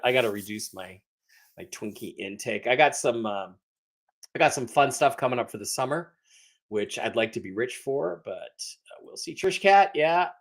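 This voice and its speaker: A man hosting a casual livestream, greeting viewers in the chat and teasing them in a rambling way. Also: medium pitch. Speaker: livestream host.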